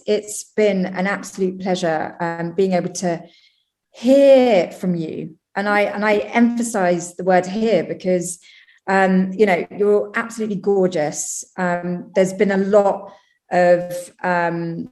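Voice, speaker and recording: A woman hosting a podcast, praising her guest slowly with many fillers as she wraps up the interview. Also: lowish voice, darkish tone. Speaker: podcast host. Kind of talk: interview wrap-up.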